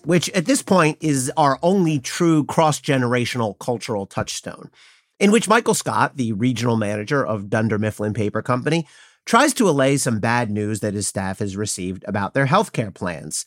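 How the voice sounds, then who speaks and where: Man, podcast host, scripted commentary, pointed, wry, animated intonation. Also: mid-range voice, normal speed, no room sound, studio quality.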